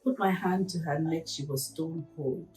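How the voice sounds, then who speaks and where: A woman in her forties, a counsellor, telling a painful personal story in an earnest, reflective way that often drops to a hush. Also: low-pitched, normal speed. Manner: earnest, reflective, with hushed moments. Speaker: interview guest, counsellor. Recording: roomy, distant mic with music.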